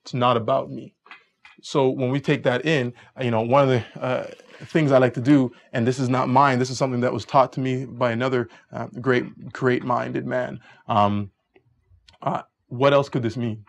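A man's voice: mid-range voice, normal speed, creaky. A man giving casual dating advice, telling stories and acting out both sides of conversations. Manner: animated storyteller, acts out both sides of conversations. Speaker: dating coach.

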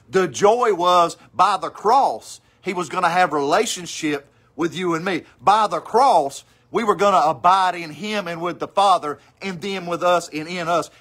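A man preaching a devotional sermon, fervent and preacherly, quoting scripture in a measured cadence and swinging from loud urgency to hushed intensity. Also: high-pitched.

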